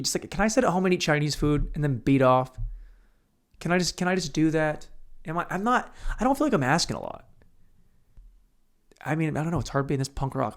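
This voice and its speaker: A man's voice: a little high, expressive, a little fast. A young man hosting a solo podcast from a room at home, rambling crudely and mocking himself, swearing freely as he talks to no one. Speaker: podcast host.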